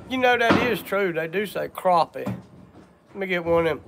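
Gravelly older Southern man, coughing. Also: a little high, expressive, measured pace, background noise. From Georgia, USA. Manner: folksy, drawling, chatty. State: coughing, sore lungs. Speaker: livestream host. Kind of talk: casual live chat greeting viewers. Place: outdoors on a porch work site.

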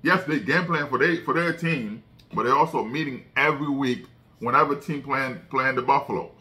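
A man with a very bright, forceful voice talks through sports news in a loose, rambling way. He repeats words and restarts phrases often and turns emphatic when he acts out what others said. His pitch sits in the middle range for a man. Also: moderate pace. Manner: repetitive, stammering restarts. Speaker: commentator. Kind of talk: casual sports commentary.

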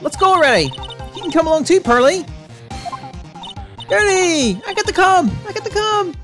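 A woman voicing an excitable, clingy little girl who squeals with eagerness, with game music behind. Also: very high-pitched, moderate pace, pitched above the performer's own voice. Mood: excited.

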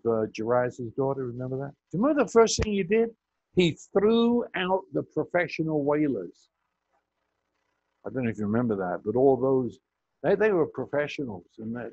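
Older male preacher, gravelly husky voice, slow emphatic sermon, muffled dull recording. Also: darkish tone, no echo. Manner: slow, emphatic preaching with dramatic pitch swings. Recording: muffled audio with buzz.

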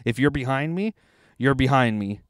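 A man's voice: medium pitch, animated, moderate pace, clean tone, no room sound, clean studio sound. A man, co-hosting a podcast from inside a car, telling a profane, ranting story in casual chat. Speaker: podcast co-host.

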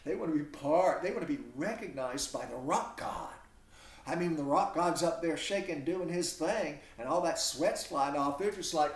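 A man lecturing a class on literature, animated and full of rhetorical questions, heard from a distance in a classroom. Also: on the high side, normal speed. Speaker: literature instructor. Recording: echoey classroom from far off.

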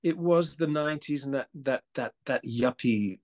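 Medium in pitch and moderate in pace, a male actor chats casually as an interview guest. His accent mixes in some Australian, and he's animated, restarting with stammers, laughing, and imitating voices.

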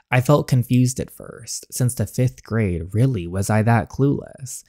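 A man reading the part of a guilt-ridden young man in love, narrating and pleading in a soft, earnest voice. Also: medium pitch, no echo, studio quality, close to an everyday voice. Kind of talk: reading game narration aloud.

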